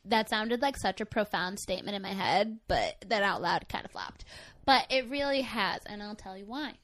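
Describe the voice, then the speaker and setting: A young woman, chatting candidly as a podcast co-host, full of fillers and playful asides. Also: medium pitch. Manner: candid, chatty, animated storytelling with many fillers. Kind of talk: casual chat.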